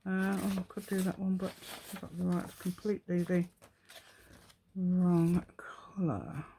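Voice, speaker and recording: In a slightly fast, monotone delivery, a craft channel host works through a casual tutorial, rambling and thinking aloud to herself. Her medium-pitched voice is mellow with a touch of creak, and there's a little background noise.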